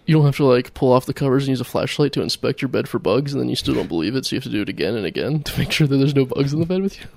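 Man, fast talker, gravelly, crude teasing humor, casual podcast host. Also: medium pitch, slight background noise. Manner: teasing, crude, deadpan jokes. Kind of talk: casual chat.

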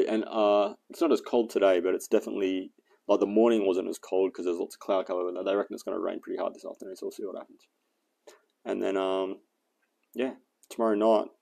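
A man telling a rambling story and thinking aloud about his plans in a casual vlog, with plenty of fillers. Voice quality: gravelly, low and dark. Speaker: fitness and survival vlogger.

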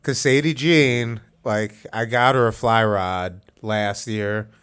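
Male podcast host, lowish smooth voice, rambling casual storyteller. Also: fairly even intonation, slow pace, a bit bright. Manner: rambling storyteller, many fillers and restarts.

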